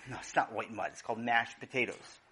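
A man's voice: mid-range voice, a little fast, sharp tone, slightly rough, voice pushed down. Male storyteller as a coaxing, patient mother.

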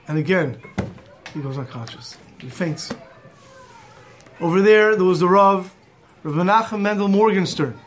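High-voiced man teaching a Torah class. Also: a bit bright. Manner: mixes Hebrew and Yiddish terms into English, acts out quotes.

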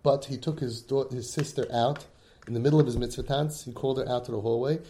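Emphatic man a dark voice. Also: medium pitch, fairly even intonation, quick pace. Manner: emphatic, acts out children's pleas, mixes in Yiddish and Hebrew words. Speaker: group leader speaking to siblings. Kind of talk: impassioned talk to a support group.

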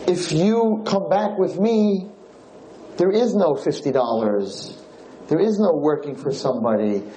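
A man's voice: a little high, expressive, measured pace, warm tone, echoey room, slight background noise, voice pushed up. A man voicing a grieving king who pleads emotionally with his lost son. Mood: pleading.

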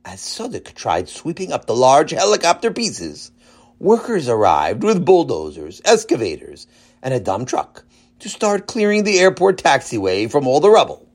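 A storyteller reading a children's story aloud with a lively delivery. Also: medium pitch, moderate pace. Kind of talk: children's story narration with character voices.

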